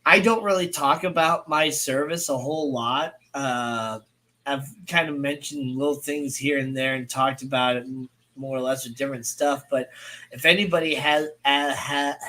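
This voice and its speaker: A man's voice: medium pitch, sharp tone. A man in his thirties from St. Louis, Missouri, co-hosting a casual livestream, rambling with many fillers and laughing often. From United States. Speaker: co-host.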